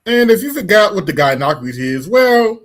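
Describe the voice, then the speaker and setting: A male livestream host riffing in casual commentary. He speaks a little higher than most men and hammers his points with repetition, talking straight to his audience. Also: very animated, a little fast. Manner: emphatic, repetitive, addresses audience directly. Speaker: streamer host.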